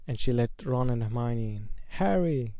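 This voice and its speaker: A man narrating a storybook aloud at a calm, steady pace. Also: mid-range voice, moderate pace, no room sound, dull audio. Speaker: audiobook reader.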